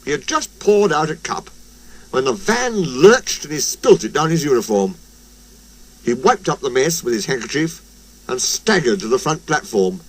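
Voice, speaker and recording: A man narrating a children's storybook in an expressive, sing-song way. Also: medium pitch, moderate pace, slightly rough. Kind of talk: storybook reading.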